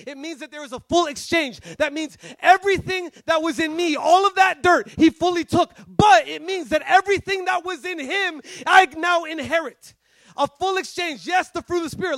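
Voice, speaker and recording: High-voiced guy preaching hard, slangy and fired up, dry close sound. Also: a little fast, no room sound. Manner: fervent, shouting at peaks, slangy. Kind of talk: energetic sermon.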